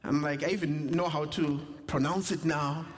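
A man's voice: a little high, normal speed. A young South African man, a pastor, preaching a sermon with humor and personal stories. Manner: storytelling with humor, animated asides. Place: church sanctuary. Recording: reverberant church hall.

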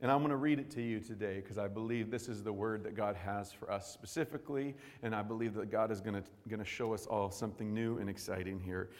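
A male pastor preaching a fervent sermon, swinging between quiet, intimate passages and loud, impassioned pleading. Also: on the low side, quick pace, hardly any pauses, in a large hall.

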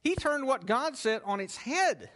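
A man's voice: very high-pitched, big pitch swings, unhurried, sharp tone. A man teaching a sermon on a Bible passage, asking the listeners questions and then answering them himself, stressing key words as he goes. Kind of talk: expository sermon.

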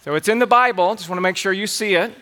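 Bright-voiced Southern American pastor preaching. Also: male voice, high voice, fast. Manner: teaching from an outline, reading scripture aloud. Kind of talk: expository sermon.

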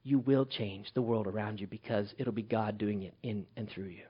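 A man preaching a sermon as pastor, swinging from loud emphatic calls to hushed, quiet lines. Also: fairly low pitch, fairly even intonation, normal speed, breathy edge, muffled recording.

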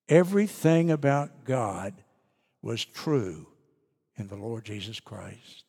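A man preaching a sermon as pastor, earnest and emphatic with deliberate pauses. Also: medium pitch, sing-song, darkish tone, husky, in a large hall.

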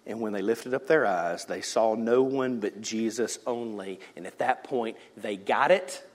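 A male pastor preaching a sermon, swinging between shouted lines and hushed whispers. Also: on the low side, unhurried. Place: church sanctuary. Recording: church hall reverb.

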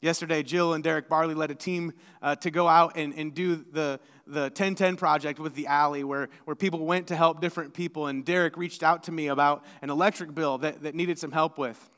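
A man preaches a Sunday sermon in a high, lifted voice. He talks to his congregation like a conversation, dropping to near-hushed tones and then pressing hard. The long reverb of a church sanctuary trails after his words. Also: fairly even intonation, fairly quick, few pauses, clear, resonant tone. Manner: conversational preaching that swings between hushed and emphatic. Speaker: pastor.

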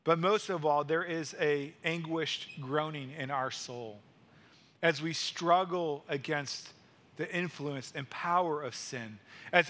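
High, bright-voiced man preaching. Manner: earnest, repetitive preaching cadence, slowing for emphasis. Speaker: pastor. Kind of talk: sermon.

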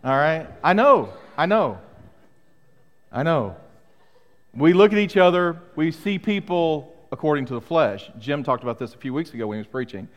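A man's voice: a little high, lively intonation, moderate pace, dull audio. A middle-aged man preaching a sermon to his congregation, emphatic and full of rhetorical questions. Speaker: pastor. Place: church sanctuary. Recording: long hall reverb.

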